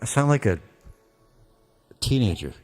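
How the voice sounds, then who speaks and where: A man's voice: medium pitch, sing-song, unhurried, a little mellow. A man talking casually through his mixing session on a live stream, rambling and thinking aloud with a self-deprecating streak. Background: faint music playback from his mix.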